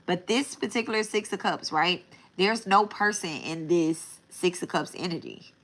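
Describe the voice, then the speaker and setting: Bright-voiced woman reading tarot live. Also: on the low side, expressive, moderate pace. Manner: casual, repeats and restarts phrases; blunt, swears. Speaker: tarot reader.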